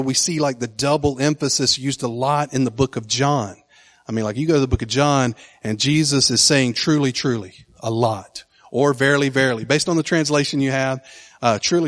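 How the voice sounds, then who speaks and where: A man teaching from the Bible in a casual, enthusiastic way, with frequent fillers and restarts. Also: medium pitch. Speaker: preacher.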